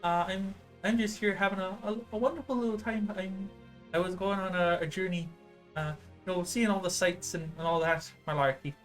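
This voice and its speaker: A woman's voice: mid-range voice, steady tone, brisk, faint music behind, pitched above the performer's own voice, close to an everyday voice. A man voicing a homely middle-aged woman with a put-on accent drifting from Midwestern to Irish, rambling and stammering. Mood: cheerful. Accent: mixed Midwestern and Irish, put on.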